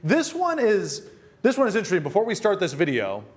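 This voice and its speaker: A man's voice: high-pitched, huge pitch swings, fairly quick. A young man co-hosting a casual weather chat show, playful and teasing as he quizzes his colleagues. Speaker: meteorologist co-host.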